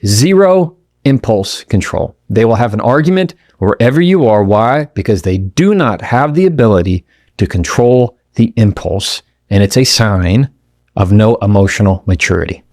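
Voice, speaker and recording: Speaking in a lowish, expressive voice with a darkish tone, a podcast host delivers a forceful pep talk aimed right at his listener, posing rhetorical questions. He briefly impersonates the people he quotes, and the studio-quality recording is dry.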